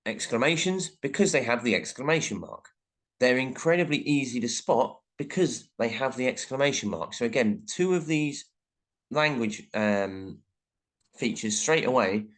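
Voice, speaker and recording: A man with an ordinary mid-range voice talks through a recorded English lesson. He explains each point steadily and reads short example sentences aloud along the way. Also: mid-range voice. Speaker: teacher.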